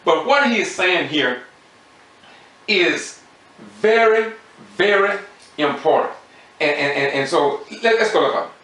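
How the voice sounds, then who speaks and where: A man's voice: high-pitched, animated, a little slow, long pauses, bright, forceful tone, reverberant, a little hiss or hum, poor audio. A man giving emotional citizen commentary on a city council meeting, repeating key phrases with preacher-like emphasis. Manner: impassioned, repetitive, preacher-like emphasis.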